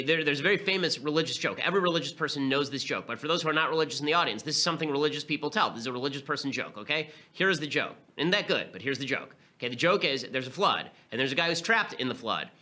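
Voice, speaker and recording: Male podcast host, very sharp tense tone, fast and emphatic, openly scornful. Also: mid-range voice. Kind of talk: political commentary monologue.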